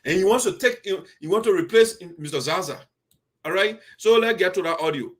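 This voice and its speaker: A Liberian man with a high voice hosts a diaspora community show, offering casual commentary in Liberian English. He talks fairly quickly, animated and laughing, with indignant asides thrown in.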